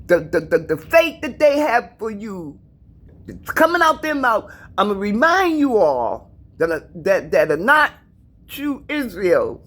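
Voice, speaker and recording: This middle-aged woman has a husky, medium-pitched voice. Vlogging at home in her apartment, she delivers a forceful, preachy rant to viewers and keeps repeating points for emphasis.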